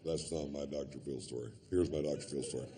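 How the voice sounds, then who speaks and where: A man's voice: extremely low pitch, steady tone, quick pace, noisy background. A man doing stand-up comedy, telling a long story in a laid-back, profane drawl full of fillers.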